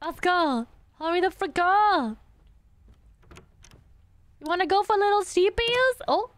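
A young woman VTuber streamer gives playful, bubbly live gameplay commentary, humming little sound effects as she goes. Her very high voice is expressive and measured in pace, with no echo.

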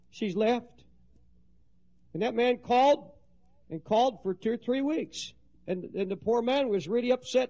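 A man preaching a passionate sermon, swinging between hushed pleading and shouting, from a 1970s recording. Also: sits high. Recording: dull lo-fi 1970s sermon tape.

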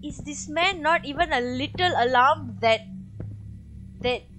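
A woman's voice: sits high, unhurried, a bit bright, slight background noise. A woman streaming a horror game, frightened, shrieking exclamations and slangy casual commentary over a headset. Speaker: gamer streamer. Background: eerie game music.

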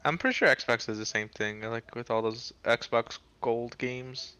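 A man's voice: medium pitch, a little slow, muffled recording, crowd noise. A man chatting casually with a streamer friend, offhand and wisecracking. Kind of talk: casual gaming chat.

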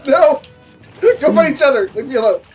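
A man commentating a fighting game with friends, excitable and quick to yelp and laugh. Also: very high voice. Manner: excitable, yelps and laughs often. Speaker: let's play commentator. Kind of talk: casual gaming banter.

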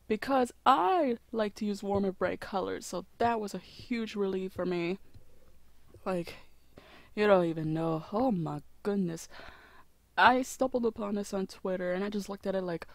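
Gushing, excitable woman vlogger. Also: mid-range voice, moderate pace, no room sound. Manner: gushing, excitable, exclaims often. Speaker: animation YouTuber. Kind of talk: unscripted excited vlog.

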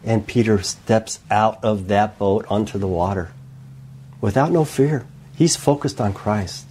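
A male preacher delivering a sermon with rhetorical questions and emphatic, expressive delivery. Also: lowish voice, unhurried, a little hiss or hum.

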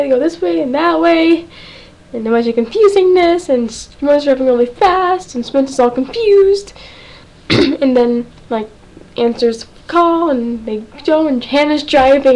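Teen girl, high voice, rambling and excitable, casual webcam vlog. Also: poor audio. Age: teens. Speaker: fan vlogger.

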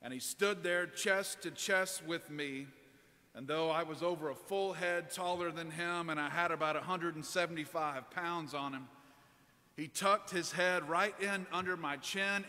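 Bright-voiced preacher in a church. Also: male voice, fairly high pitch. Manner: relaxed storytelling, conversational. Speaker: priest preaching. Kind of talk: sermon with a personal story. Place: large church. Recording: long church reverb.

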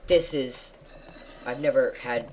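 A woman giving casual gameplay commentary, excitable, jumping from loud yelps to quiet mutters. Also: rumbling low, slow pace. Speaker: gamer.

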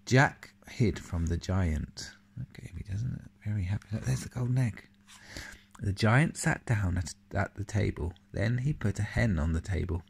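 Man reading a kids story out loud, gravelly husky voice, chatty asides. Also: lowish voice, moderate pace. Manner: animated reading with asides and questions to the listener; soft and tender in closing words. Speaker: storyteller reading a picture book to a child. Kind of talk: storybook read-aloud to a child.

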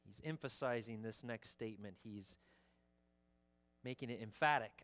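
A pastor giving a Sunday sermon in a church, reading scripture earnestly and making casual asides with fillers. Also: male voice, fairly low pitch, moderate pace, long pauses, fairly bright tone. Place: church sanctuary.

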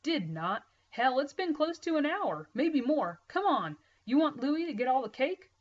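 An excitable farm boy, loud and bossy, calls out in high, raised bursts as a woman reading a storybook aloud puts him on. The urgent shouting sits on a dull, lo-fi recording. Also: a little slow.

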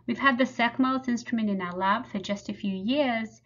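A woman who heads a lab, giving a measured, explanatory webinar presentation. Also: on the high side, fairly bright tone. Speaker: lab head presenting research. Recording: slightly muffled webinar audio.

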